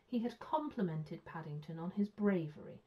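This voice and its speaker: A woman teacher reading a children's story aloud with clear, expressive storytelling. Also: on the low side, moderate pace. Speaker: primary school teacher. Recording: muffled lo-fi sound.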